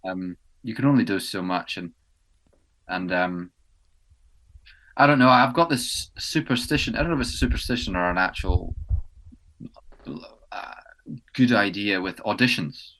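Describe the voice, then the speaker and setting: A man's voice: fairly low pitch, lively intonation, moderate pace, long pauses, fairly bright tone. A young man from England, an actor co-hosting a podcast, chatting casually and rambling with many ums and restarts. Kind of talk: casual chat. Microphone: podcast mic indoors.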